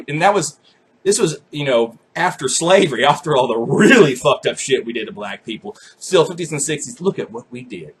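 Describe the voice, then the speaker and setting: Husky young man ranting with lively swings. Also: on the high side, fairly quick. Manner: swearing, animated, self-mocking. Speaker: vlogger. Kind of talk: profane comedic rant to camera.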